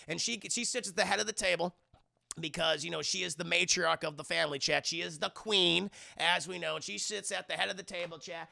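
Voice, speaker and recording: A man giving a casual, animated movie review on a live stream, rambling, swearing and talking to his chat. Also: high voice, a little fast, creaky.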